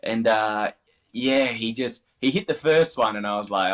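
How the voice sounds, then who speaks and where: A man's voice: medium pitch, normal speed. An Australian man chatting casually as an interview guest, rambling with many restarts. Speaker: interview guest, darts player.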